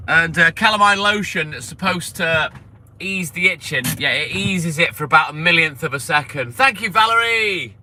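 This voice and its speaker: Sweary, high-voiced milkman on a live stream. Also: animated, moderate pace, bright, forceful tone. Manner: sweary, blunt, joking. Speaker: livestreaming milkman. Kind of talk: casual chat with live viewers. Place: outdoors on delivery rounds. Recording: clear street and vehicle noise behind.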